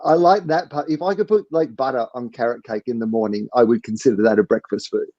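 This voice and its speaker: A man's voice: mid-range voice, quick pace, dark tone, dull audio. An Australian man, a comedian guest, joking in a dry, self-mocking, rambling way over a video call. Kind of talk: casual comedic chat.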